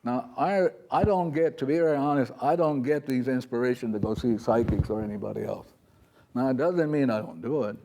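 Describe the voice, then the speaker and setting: Mellow-voiced man giving a rambling spiritual talk. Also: medium pitch, a little fast, a little hiss or hum. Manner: rambling, chatty, acts out little quoted voices. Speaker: spiritual teacher. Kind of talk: informal spiritual talk to a live audience. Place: talk in front of an audience.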